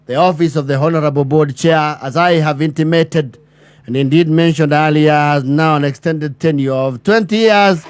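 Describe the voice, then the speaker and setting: A man delivering a mock formal address as a pompous chairman, with bureaucratic phrasing and drawn-out pauses. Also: fairly high pitch, clean tone, no room sound.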